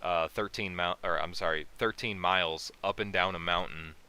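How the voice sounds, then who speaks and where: A man's voice: low-pitched, fairly even intonation, normal speed, bright, forceful tone, smooth. A man hosting a casual podcast chat, telling a rambling, profane story with many fillers. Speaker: podcast host.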